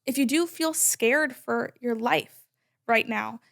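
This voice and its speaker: A woman in her twenties, a podcast guest talking in a loud, emphatic, chatty way with many "like"s. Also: a little high, slow pace, vocal fry. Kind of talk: casual conversation.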